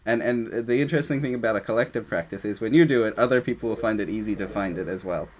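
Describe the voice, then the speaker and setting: A man's voice: on the low side, quick pace, slight background noise. A man leading a group meditation discussion over a video call, talking loosely with many fillers. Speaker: meditation teacher.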